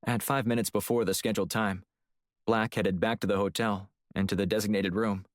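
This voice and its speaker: A man narrating a thriller audiobook in a deep, low voice. His storytelling is steady and even. The sound is close and dry. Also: brisk, no echo. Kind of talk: scripted narration.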